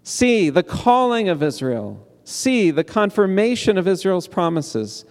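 Man lecturing with lively rhetorical questions. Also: high-pitched, a little slow. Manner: engages audience with call-and-response; rhetorical questions with rising emphasis. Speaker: speaker presenting a paper. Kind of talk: academic lecture. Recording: long hall reverb.

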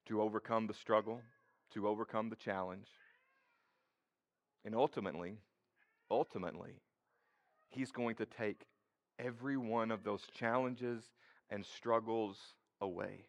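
A male pastor preaching a sermon in church, speaking in a casual way and addressing the congregation directly. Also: lowish voice. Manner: conversational and expressive, talks to the congregation directly.

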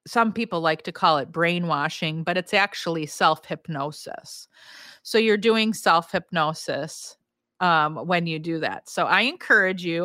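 Woman podcast host, peppy coach, bright voice, dry close sound, animated storyteller. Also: mid-range voice, no echo. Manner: enthusiastic, laughs often, acts out quotes. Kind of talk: upbeat coaching talk.

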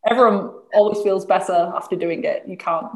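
A woman's voice: mid-range voice, fairly quick, a little mellow. A woman hosting a casual interview, friendly and agreeable, asking questions. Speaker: host. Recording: echoey room.

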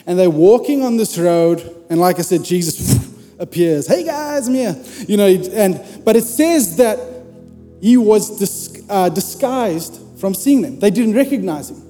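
A man's voice: sits high, lively intonation, a little slow, warm tone, in a large hall, faint music behind. A man preaching a sermon in a conversational, humorous way, speaking directly to his congregation.

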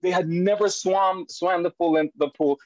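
A man who is a podcast guest, telling family stories in an animated way and jumping high in pitch when he quotes people. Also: normal speed, no echo, lo-fi sound. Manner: animated storyteller, voice jumps high for quoted lines. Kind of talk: storytelling in a podcast interview.

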